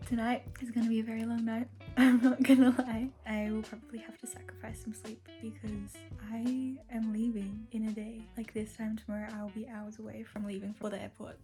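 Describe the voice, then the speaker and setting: A woman's voice: medium pitch, mellow. A young woman in her twenties chatting to the camera in a casual vlog, gushing and sometimes half-whispering. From Australia. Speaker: vlogger.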